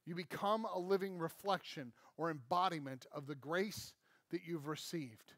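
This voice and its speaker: High-voiced, emphatic male pastor. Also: normal speed, a bit bright, dry recording. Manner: emphatic, conversational, frequent "right?" asides. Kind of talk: sermon. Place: church.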